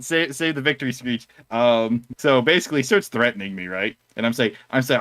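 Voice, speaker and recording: A man's voice: medium pitch, expressive, moderate pace, a bit bright, no room sound. A man co-hosting a casual chat, telling a rambling story and laughing through it. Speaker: co-host of a discussion stream.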